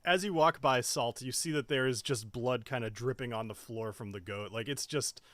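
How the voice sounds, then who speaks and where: A man's voice: medium pitch, moderate pace, fairly bright tone, dry recording. A man narrating as game master of a tabletop game, often breaking into laughter.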